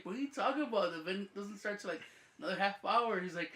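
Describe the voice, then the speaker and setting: A man co-hosting a podcast in casual chat, animated and swearing, acting out his own quoted outbursts. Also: high-pitched, fast. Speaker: podcast co-host.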